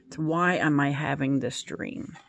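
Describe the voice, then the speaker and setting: A woman vlogger recounts things in a meandering, hesitant way, with a thick layer of vocal fry running under her words. She takes her time, letting each phrase drift out slowly. It sounds like a casual talk recorded at home. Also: sits low, steady tone, slight background noise. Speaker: tarot-reading YouTuber. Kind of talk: casual vlog storytelling.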